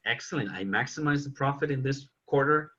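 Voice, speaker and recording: A man's voice: mid-range voice, a little fast, pushed and bright, muffled recording. A man teaching an English class online, patiently correcting his students' examples.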